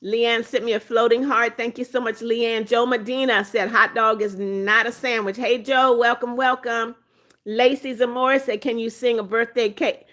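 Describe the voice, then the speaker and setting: A woman's voice: on the high side, fairly bright tone. A woman from Florida hosting a phone livestream, reading viewers' chat comments aloud and thanking them by name, chatty and firm about her rules. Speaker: livestream host.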